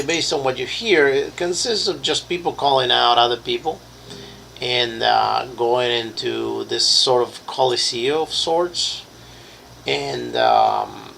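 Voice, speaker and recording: A slow-talking man runs a tabletop horror game, his voice gravelly and mid-pitched. He stops often to search for words and fills the gaps with ums and uhs. A faint hiss sits behind him. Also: a bit bright, rough recording. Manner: halting, searching for words with many fillers. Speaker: game master.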